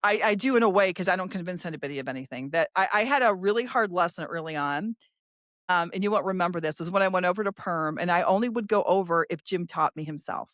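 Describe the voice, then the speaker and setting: A middle-aged woman recruiter hosting an interview, telling stories in a quick, animated way and acting out what other people said. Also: on the low side, no echo, clean studio sound. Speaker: staffing recruiter and podcast host. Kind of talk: casual interview storytelling.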